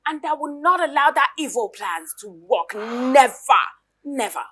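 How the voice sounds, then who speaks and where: A woman's voice: high voice, big pitch swings, moderate pace, exaggerated voice. A jealous, scheming girlfriend. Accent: Nigerian. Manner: theatrical, loud, mocking. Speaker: actress. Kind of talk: Nollywood film acting.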